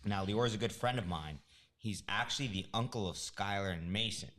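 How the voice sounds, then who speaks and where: A man's voice: lowish voice, brisk, a bit bright, a little hiss or hum. A man who coaches martial arts, introducing a friend and teasing a fellow coach in casual chat.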